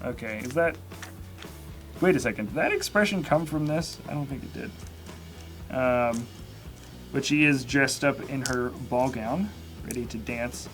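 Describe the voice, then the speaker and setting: A man's voice: medium pitch, measured pace, pauses often, a bit bright, faint music behind. A man hosting a live building stream, chatting casually and rambling as he corrects himself. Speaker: livestream host. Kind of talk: casual live unboxing chat.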